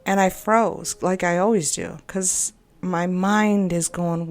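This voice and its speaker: A woman's voice: on the low side, steady tone, slow pace, few pauses. A woman telling a personal story in a rambling, upset and exasperated way, full of self-doubting asides. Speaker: game video creator. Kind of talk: personal venting monologue. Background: faint background music.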